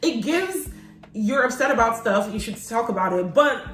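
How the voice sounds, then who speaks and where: A woman co-hosting a casual podcast chat, animated and opinionated, often acting out quotes. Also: a little high, normal speed, echoey room, far from the mic, soft background music. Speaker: podcast co-host.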